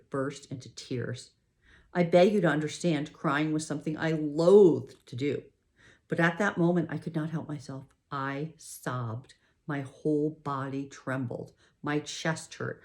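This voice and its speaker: A woman with a notably low voice reads a first-person story aloud as an audiobook. Her narration is expressive and carries emotion. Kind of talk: scripted narration.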